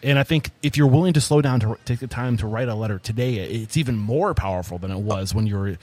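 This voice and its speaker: A man's voice: on the low side, fast talker, darkish tone. A man hosting a podcast interview who talks in loose, rambling sentences full of fillers. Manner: rambling, filler-heavy, enthusiastic follow-ups. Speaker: podcast host. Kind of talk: casual interview chat.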